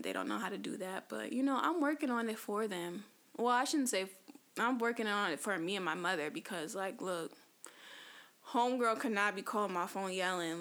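A woman's voice: mid-range voice, fairly bright tone. A woman talking frankly to camera in a casual personal monologue, chatty and full of fillers. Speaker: vlogger.

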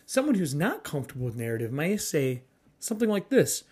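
A man's voice: medium pitch, wildly swooping pitch, fairly quick, a little mellow, breathy edge. A man hosting a solo podcast about tabletop role-playing, talking casually and bluntly, swearing freely and full of enthusiasm. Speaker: podcast host.

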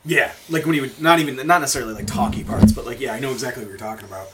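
A man's voice: mid-range voice, very fast, heavy background noise. A man hosting a podcast, chatting casually and rambling through stories with frequent swearing and laughter. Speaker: podcast host. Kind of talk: casual chat.

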